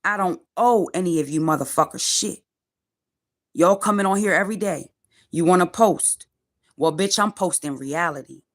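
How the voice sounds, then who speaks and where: A woman's voice: on the low side, a bit bright. A woman in her forties ranting on a livestream from her car, profane, defiant and preachy. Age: 40s. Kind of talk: angry livestream rant.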